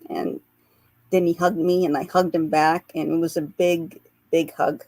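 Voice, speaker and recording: A woman with a lowish voice tells a long personal story as a radio guest. She speaks earnestly and laughs softly at the funnier memories. Her voice is close and dry on a studio mic. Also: level tone, measured pace, dry recording. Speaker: guest, psychic portrait artist. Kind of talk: recounting past-life memories in a radio interview.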